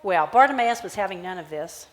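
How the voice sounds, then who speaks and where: A woman's voice: on the low side, a little fast. Woman preaching in an echoing church. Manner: animated storytelling, acting out biblical characters. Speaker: pastor. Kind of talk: sermon. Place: church sanctuary. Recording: church hall reverb.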